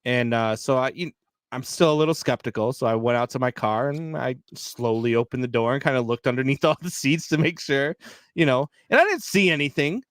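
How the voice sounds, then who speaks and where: A man co-hosting a live sports talk show, telling stories in a lively, filler-heavy way. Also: medium pitch, brisk, dry recording, studio quality. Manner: animated storyteller, many fillers. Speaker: podcast co-host. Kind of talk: casual live sports chat.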